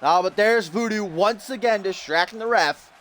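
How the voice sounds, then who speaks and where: A man giving lively play-by-play commentary on a video game wrestling match, getting loud at big moments. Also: sits high, moderate pace, a little hiss or hum. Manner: excitable, shouts at big moments.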